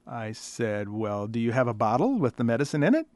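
A man's voice: medium pitch, very animated, a little fast, darkish tone, no room sound. A middle-aged man, a veterinarian, telling dry, wry stories about the questions his callers ask. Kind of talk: storytelling monologue.

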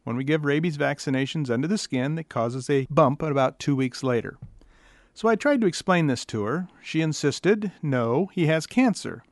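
A man's voice: on the high side, animated, moderate pace, no echo. A middle-aged man, a veterinarian, telling dry, wry stories about the questions his callers ask. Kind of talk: storytelling monologue.

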